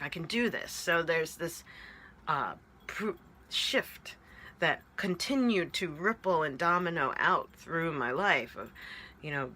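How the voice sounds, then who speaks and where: Slow, bright-voiced woman spiritual coach. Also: on the low side. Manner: earnest, emotional, keeps asking "right?". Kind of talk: heartfelt direct-to-camera talk.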